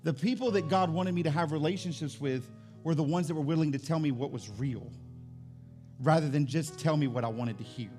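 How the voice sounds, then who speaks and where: A man preaching a sermon in a conversational, testimony style. He often repeats words as he builds up, and he climbs higher and louder when stirred. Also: fairly quick, faint music behind. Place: church service.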